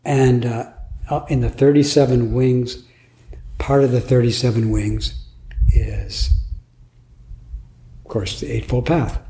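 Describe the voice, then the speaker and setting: A man's voice: mid-range voice, fairly even intonation, takes it slowly, pauses often, mellow. A man giving a Zen dharma talk at a retreat, musing aloud in a playful way and laughing now and then. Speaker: Zen teacher. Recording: echoey room, faint noise.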